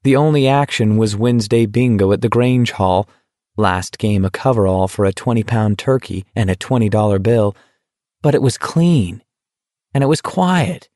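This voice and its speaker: Steady male audiobook narrator. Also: lowish voice, moderate pace, dry recording, studio quality.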